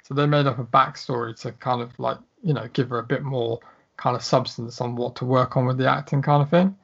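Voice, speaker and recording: A man's voice: mid-range voice, fairly even intonation, a little fast, creaky, slightly rough, muffled recording. A man co-hosting a casual film chat, blunt, jokey and full of swearing. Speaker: podcast co-host.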